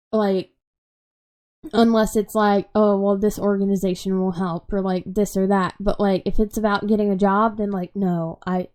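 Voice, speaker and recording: A woman's voice: mid-range voice, darkish tone. A woman in her twenties venting in an unscripted vlog, upset and frustrated, rambling and full of "like" fillers, with a sarcastic edge. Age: 20s. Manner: rambling, heavy use of "like" fillers. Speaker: vlogger.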